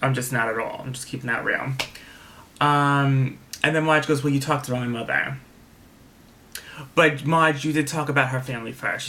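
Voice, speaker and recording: Bright-voiced opinionated man recapping TV. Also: mid-range voice, a little hiss or hum. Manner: candid and opinionated, swears freely, repeats himself for emphasis. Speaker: reality TV recap vlogger. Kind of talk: casual episode recap.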